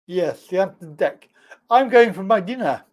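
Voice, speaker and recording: A man's voice: high voice, expressive, moderate pace, a little mellow. A man hosting a casual livestream chat, laid-back and teasing with his callers. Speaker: livestream host.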